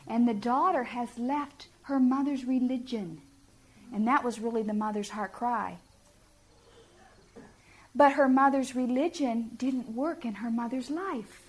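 A middle-aged woman giving a sermon-style talk to parents, earnest and homey, often putting questions to her listeners. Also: a little high. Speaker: speaker at a family ministry talk.

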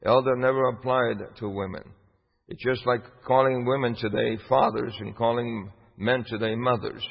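A man's voice: mid-range voice, fairly even intonation, moderate pace, gravelly. A man preaching a sermon emphatically, putting rhetorical questions to his listeners. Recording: dull lo-fi with long hall reverb.

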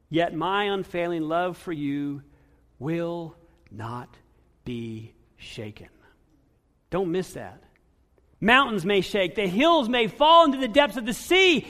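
A male pastor preaching a sermon and reading scripture aloud, swinging between loud emphasis and hushed, drawn-out phrase endings with dramatic pauses. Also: high voice. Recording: long reverb of a large hall.

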